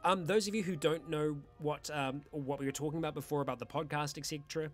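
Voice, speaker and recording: A man's voice: on the high side, fairly even intonation, fast, a bit bright, soft background music. A man hosting a casual monthly community Q&A, rambling and self-deprecating, with a weak voice. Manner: rambling, with many restarts and fillers, self-deprecating. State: voice having issues, weak. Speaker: YouTube roleplay channel host.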